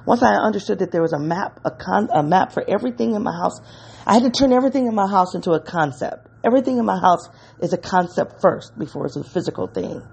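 Gravelly, husky podcast host musing aloud. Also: medium pitch, lively intonation, a little mellow. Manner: halting, searching, self-correcting. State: emotional. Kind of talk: reflective solo monologue.

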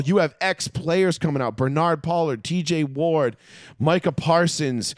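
Man, fairly high voice, profane ranting sports podcaster, dry close mic. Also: normal speed, dry recording. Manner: profane, ranting, animated storytelling. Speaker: podcast co-host. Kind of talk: casual sports chat.

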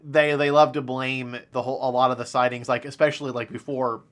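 A man's voice: medium pitch, flat delivery, a little fast, a bit bright. A man co-hosting a podcast, retelling lake monster sightings in a rambling casual chat with many fillers and frequent laughs. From Ohio. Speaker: podcast co-host.

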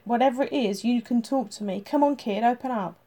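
A woman voicing a gruff male police chief who is firm and blunt with his detective, in an audiobook reading. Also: fairly high pitch, fairly quick, dark tone, natural voice.

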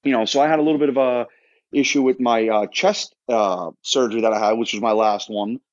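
A man's voice: medium pitch, fairly even intonation, brisk, no echo, muffled recording. A man in his thirties from Florida, a podcast guest telling his story in a casual, rambling way full of restarts and quoted dialogue. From Florida, United States.

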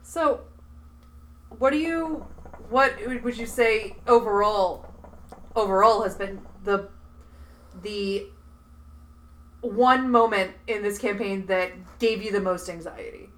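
A woman's voice: mid-range voice, slow pace, pauses often, a bit bright, low-quality recording. A woman interviewing a game master in a casual chat, often restarting her questions hesitantly.

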